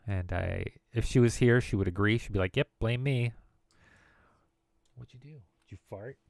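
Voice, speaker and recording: Male streamer, gravelly voice, dry close sound, loose and jokey banter. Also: lowish voice, brisk, darkish tone, dry recording. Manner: rambling and jokey, riffing on words. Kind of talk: casual live-stream chat.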